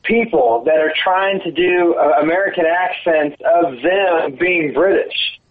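A man's voice: a little high, measured pace, over a noisy crowd. A man co-hosting a podcast, asking curious, playful questions in casual banter. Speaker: podcast co-host. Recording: tinny phone-line sound.

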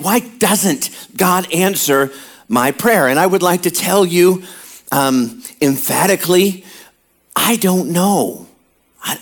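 A middle-aged man with a drawl, preaching a sermon. His voice sits high, and he keeps checking in with the congregation in a conversational way. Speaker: pastor.

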